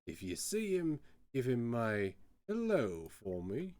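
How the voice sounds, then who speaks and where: A man's voice: mid-range voice, wildly swooping pitch, slow, darkish tone, dry recording. A man voicing a bitter old male sailor locked in a cell, grumbling in a put-on with archaic speech. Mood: sly.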